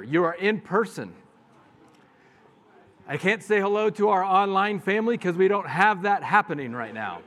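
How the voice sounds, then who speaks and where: A man's voice: high-pitched, expressive, normal speed, fairly bright tone. A man preaching a sermon as pastor, talking to the congregation in a plain, conversational way.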